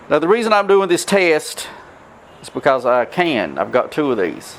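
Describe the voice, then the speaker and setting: A man's voice: on the high side, sing-song, moderate pace, a little hiss or hum. A man hosting a tool review channel, talking in a casual, rambling, crude joking way.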